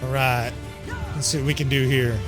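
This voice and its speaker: A man's voice: medium pitch, steady tone, moderate pace, over music. A man giving casual strategy game commentary, joking and swearing as he plays, chuckling often. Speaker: gameplay commentator.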